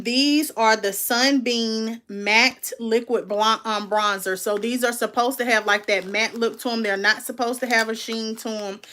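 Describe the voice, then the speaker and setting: A woman's voice: on the high side, a bit bright. A woman, chatting casually and candidly as she unboxes and reviews makeup, calling her viewers "baby" and "y'all". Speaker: beauty vlogger.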